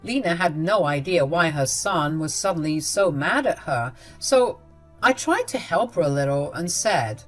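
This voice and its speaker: A woman's voice: deep voice, animated, a little slow, soft background music. A woman telling a family drama story in a gossipy, mocking tone. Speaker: narrator. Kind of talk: storytelling narration.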